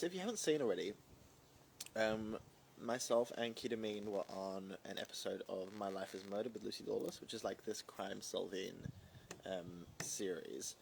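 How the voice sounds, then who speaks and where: A man's voice: fairly low pitch, normal speed, gravelly, a little hiss or hum. A man hosting a casual phone livestream from home, rambling and reading viewer comments aloud. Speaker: livestream host. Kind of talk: casual live-stream chat.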